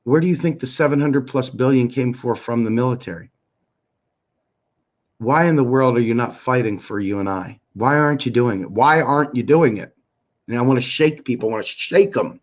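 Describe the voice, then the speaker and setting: A middle-aged man giving an impassioned, profane rant full of pleading questions, swinging between a raised voice and a low one. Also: moderate pace. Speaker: political activist commentator. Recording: muffled lo-fi recording.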